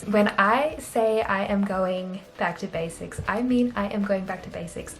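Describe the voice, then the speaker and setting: A woman's voice: medium pitch, normal speed, few pauses, soft background music. A young Australian woman vlogging in a casual, chatty, self-deprecating way, laughing often. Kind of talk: casual chat to camera.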